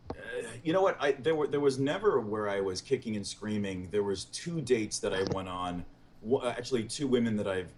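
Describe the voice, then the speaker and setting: A man's voice: on the low side, slight background noise. A man, a comedian guest, telling dating stories in a casual interview and acting out what people said. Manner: animated, quotes people in dialogue.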